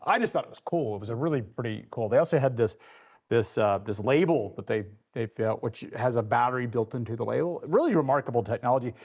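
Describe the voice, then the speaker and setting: A man's voice: medium pitch, quick pace, a little mellow, husky. A man hosting a show, talking in a chatty, casual way and often restarting his sentences. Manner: chatty, repeats words when starting sentences. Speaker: show host. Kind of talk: casual chat.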